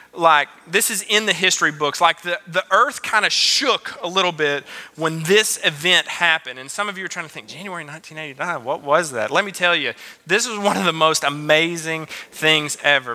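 A man in his late twenties giving a youth sermon, his high voice sharp and very bright. He talks casually, cracking jokes and throwing in playful asides between scripture readings. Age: late 20s. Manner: joking, conversational, playful asides. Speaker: youth pastor.

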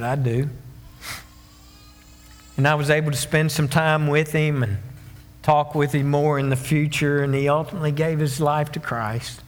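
High-voiced man preaching in a reverberant hall. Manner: animated preaching, acts out scoffers' voices. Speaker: pastor. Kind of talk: sermon.

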